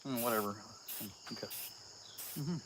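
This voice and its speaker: In a mid-range, fairly bright voice at normal speed, a middle-aged chainsaw carver chats casually on a live stream from his outdoor workshop as he works. A cold leaves him slightly sniffly while he reads viewers' comments aloud in a relaxed way.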